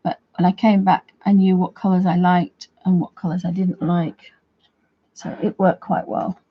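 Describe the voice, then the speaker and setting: A woman's voice: on the low side, flat delivery, moderate pace, highs cut off. A woman chatting casually as she walks through a coloring tutorial at home, rambling a little as she works. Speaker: craft video host.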